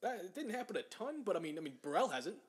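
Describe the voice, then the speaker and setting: High-voiced man ranting angrily. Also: sing-song, quick pace. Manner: angry, profane ranting, mocking put-on voices. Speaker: podcast co-host. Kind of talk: casual chat, profane sports rant.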